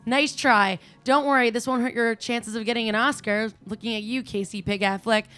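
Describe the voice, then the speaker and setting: A woman with a somewhat high voice tears through a scripted comedic rant. She sounds brash, profane and cutting. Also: fairly even intonation, normal speed, a bit bright, clear, resonant tone, soft background music. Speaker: resident commentator.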